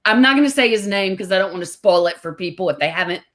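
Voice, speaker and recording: A woman's voice: mid-range voice, quick pace. Chatty middle-aged woman hosting an interview. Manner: chatty storyteller, animated when quoting others. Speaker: host. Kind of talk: casual interview chat.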